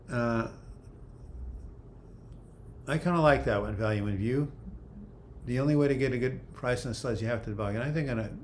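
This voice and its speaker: A man's voice: mid-range voice, slight background noise. An older man hosting a casual livestream, reading viewer comments aloud and answering them in a chatty way. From United States. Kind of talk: casual live chat.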